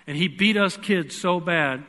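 A man with a high, bright voice delivers an earnest sermon in a church. He tells a personal story, rising into loud pleading and then dropping to hushed, quiet moments. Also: measured pace. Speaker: preacher.

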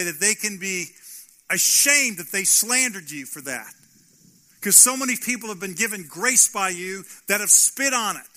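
A man's voice: high voice, pushed and bright. A male pastor preaching a sermon, driving points home with rhetorical questions and repeated phrases.

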